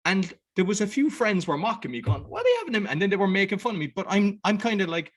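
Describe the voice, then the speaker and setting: Rambling, animated man hosting a podcast. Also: sits high, quick pace. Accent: Irish. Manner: animated, rambling, voices other people. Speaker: podcast host. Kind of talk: casual conversation.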